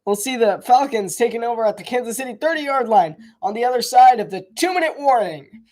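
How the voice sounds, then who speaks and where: A man's voice: very high-pitched, lively intonation, fairly quick, darkish tone. A man calling a football game live in a casual, chatty way, thinking aloud and hedging with frequent restarts. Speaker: live sports commentator. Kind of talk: casual live play-by-play commentary.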